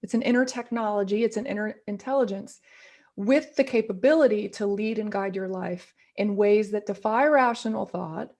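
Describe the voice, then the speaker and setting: A woman guest in a conversational radio interview, talking in an earnest, animated way and often repeating words as she thinks. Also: mid-range voice, moderate pace. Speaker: guest speaker on intuition.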